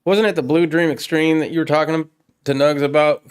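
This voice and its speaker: A man's voice: a little high, level tone, brisk, clear, resonant tone. A man hosting a casual chat, laid-back, laughing often and swearing freely. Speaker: podcast host.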